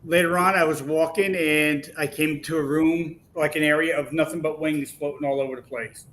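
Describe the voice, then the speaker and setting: A man guest telling a long personal story in a lively, animated way, acting out the voices he quotes. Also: a little high, moderate pace, a little hiss or hum, low-quality recording. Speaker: podcast guest. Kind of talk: casual storytelling.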